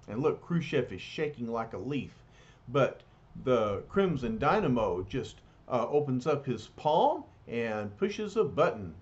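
A man's voice: medium pitch, very animated, a little slow, muffled recording. A man reading a comic story aloud, adding playful, chatty asides.

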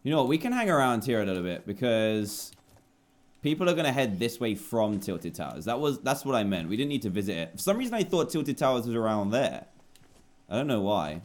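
A man's voice: medium pitch, very animated, fairly quick. A young British man chatting while streaming a game live, reading out donors' names and apologising often.

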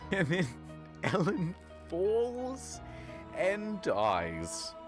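Young man, comedic game recap, mocking tone, lively pitch, somewhat high voice, faint music behind. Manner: mocking, voices characters in quick snippets. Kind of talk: comedic retelling of a game plot.

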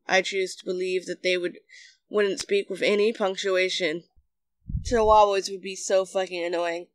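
A narrator reading online comments aloud in a deadpan way with sudden bursts. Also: mid-range voice, moderate pace, no room sound. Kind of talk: scripted narration.

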